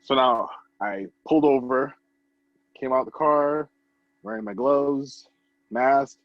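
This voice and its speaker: A man co-hosting a casual podcast chat, telling a story with lively acted-out quotes. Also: medium pitch, slow pace, dry recording, highs cut off. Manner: animated storytelling, acts out quoted voices. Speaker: podcast co-host.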